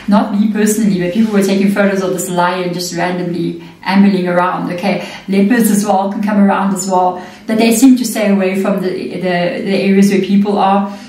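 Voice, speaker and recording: A woman's voice: mid-range voice, darkish tone. Woman, tarot reader, chatty, very roomy echo. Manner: chatty, peppers talk with "okay" and "you know what I mean". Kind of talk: casual spiritual reading. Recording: echoey room, mic at a distance.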